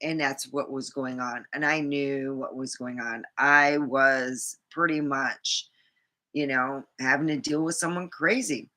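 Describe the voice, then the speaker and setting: A woman's voice: extremely low pitch, fairly even intonation, unhurried, bright, forceful tone. A middle-aged woman vlogger telling a rambling dating story, full of fillers and restarts. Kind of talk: casual storytime monologue.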